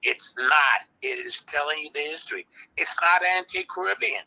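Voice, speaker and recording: Firm, bright-voiced older New man. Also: a little high, vocal fry, poor audio. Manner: firm, measured, explaining insistently. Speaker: interview guest, early hip-hop practitioner. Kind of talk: live online interview.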